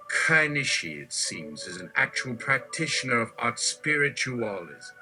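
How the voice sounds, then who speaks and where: A man's voice: medium pitch, big pitch swings, unhurried, hardly any pauses, bright, forceful tone, poor audio. A man hosting a live show, reading an absurd story aloud with wry asides. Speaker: storyteller host. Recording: music playing behind.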